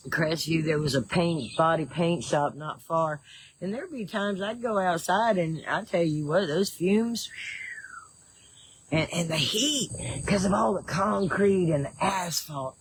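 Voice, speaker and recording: A woman's voice: low-pitched, a little hiss or hum, rough recording. An older woman with a Southern drawl, hosting a casual livestream, chatting about her day and reading viewer comments. She rambles, restarts her sentences often and laughs easily. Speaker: livestream host. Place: home in the woods.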